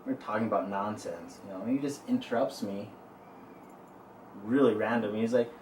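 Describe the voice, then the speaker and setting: A man's voice: fairly low pitch, brisk, a little mellow. A man co-hosting a podcast, telling a story in an easygoing, rambling way. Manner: easygoing, rambling with "you know". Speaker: podcast co-host. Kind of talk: casual storytelling chat. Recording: roomy and distant from the mic, faint noise.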